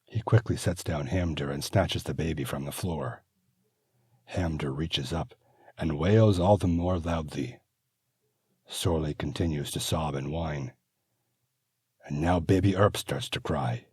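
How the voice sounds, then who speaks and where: A man narrating his own fantasy audiobook in a steady, measured manner. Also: rumbling low, slightly rough, no echo, studio quality. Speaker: author and narrator.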